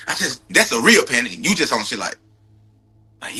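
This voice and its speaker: A man's voice: mid-range voice, sing-song, fairly quick, sharp tone, slightly rough. A man, a victim's brother, angrily retelling events in a casual, profane, emphatic way, often repeating himself for stress. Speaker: brother of a victim giving a court update.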